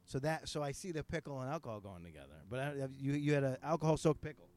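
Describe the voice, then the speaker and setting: A man hosting a casual interview, asking curious questions in an animated way and agreeing constantly. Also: medium pitch, fast talker. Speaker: host.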